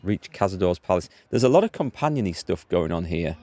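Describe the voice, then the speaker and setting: A man's voice: deep voice, sing-song, a little fast, mellow. A man streaming a game live from indoors at home, chatting in an upbeat way and thinking aloud as he plays. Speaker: gaming streamer.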